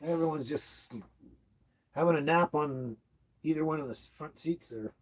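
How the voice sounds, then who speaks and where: A man's voice: on the high side, normal speed. A man in his seventies from Canada hosting a casual livestream, rambling along as he reads out viewers' comments. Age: 70s. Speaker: livestream host. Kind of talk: casual live-stream chat.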